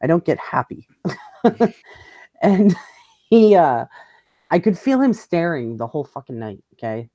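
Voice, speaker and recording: A woman's voice: sits low, big pitch swings, unhurried, pauses often, warm tone, no echo. A woman hosting a casual chat, telling a story bluntly with lots of swearing and laughter. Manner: blunt, profane, laughs often mid-story. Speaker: host.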